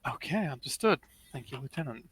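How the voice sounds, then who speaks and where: Bright-voiced man chatting over a game. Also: mid-range voice, expressive, brisk, breathy edge, dry recording, low-quality recording. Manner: chatty, laughs often, plays a commanding officer. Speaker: tabletop game player. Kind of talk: casual game chat.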